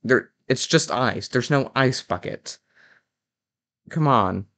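A smooth-voiced young man, sarcastically mock-outraged. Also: mid-range voice, unhurried, a bit bright. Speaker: parody commentator. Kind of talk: mock-critical reaction commentary.

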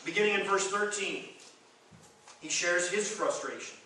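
A man's voice: high voice, unhurried, pushed and bright, slight background noise. A man preaching a sermon to a congregation, emphatic and often repeating words as he goes. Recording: echoey hall recorded from far off.

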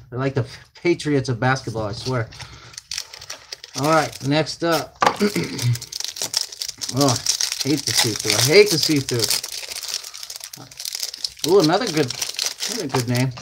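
A man's voice: medium pitch, lively intonation, unhurried, pauses often, noisy background. A man hosting a card break, calling out card names and numbers in chatty, casual talk, sounding flustered and distracted. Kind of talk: casual card-opening commentary.

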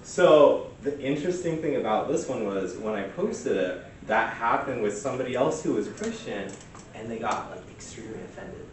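A man's voice: mid-range voice, lively intonation, normal speed, darkish tone, a little hiss or hum. A man leading a church workshop in a casual, chatty way, often slipping into quoted asides. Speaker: workshop presenter. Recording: echoey distant room recording.

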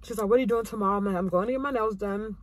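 A woman's voice: medium pitch, racing. A young woman vlogging, telling stories casually and sassily to the camera, acting out the people she quotes. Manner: animated, sassy, acts out quoted voices.

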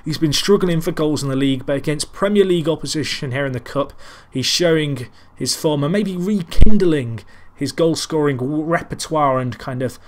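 The voice is a man's, a little high, moving at a moderate pace with few pauses. It's casual Let's Play commentary: a gaming commentator rambles through his football management game, mocking himself as he calls the match like a commentator.

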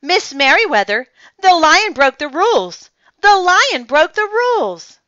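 A woman's voice: fairly high pitch, very animated, takes it slowly, a bit bright, clear, resonant tone, no echo, voice pushed up, full character voice. A woman voicing a busy, grumpy male library assistant who talks curtly and fussily, in a storybook read-aloud. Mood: alarmed. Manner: curt and fussy. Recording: dull lo-fi, dry sound.

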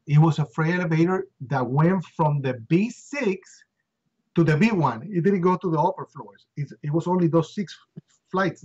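A middle-aged man, an interview guest, recounting a harrowing first-hand story with emotion, repeating words and acting out shouts. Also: on the high side, muffled recording.

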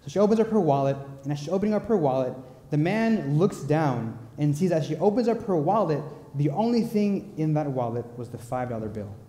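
A man preaching a sermon, telling a story in an earnest, unhurried way with pauses. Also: on the high side, animated, mellow. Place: large church sanctuary. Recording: echoey church hall with long reverb.

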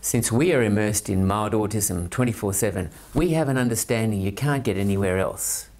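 A man's voice: lowish voice, moderate pace, a little mellow. A man with an Australian accent, a parent presenting a scripted talk in an earnest, methodical way, counting off his points by number. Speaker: parent and autism training promoter.

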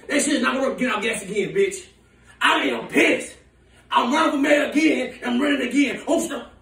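A man playing a furious, foul-mouthed woman who runs a big city, ranting in shouts and laughter. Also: very high-pitched, vocal fry, full character voice. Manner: shouting, profane, laughing rants. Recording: echoey room, voice from far off.

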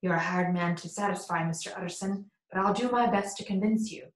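A woman's voice: on the low side, brisk, lightly acted. Brief: woman reading a fearful male butler, pleading, audiobook, echoey room. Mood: worried. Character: loyal, frightened older male butler. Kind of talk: audiobook character voice. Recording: roomy echo.

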